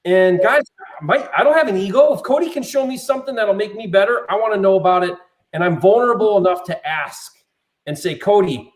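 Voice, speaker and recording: Earnest high-voiced man. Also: expressive, normal speed, reverberant, rough recording. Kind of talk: live Q&A conversation.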